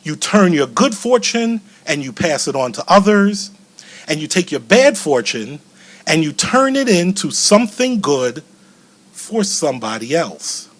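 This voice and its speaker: A middle-aged man tells a personal story from the podium in a fairly high voice. He is animated and acts out other people's words. At tender moments he slows and drops his voice. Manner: animated, acts out quoted voices with big pitch swings; slows and softens at emotional moments. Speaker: keynote speaker.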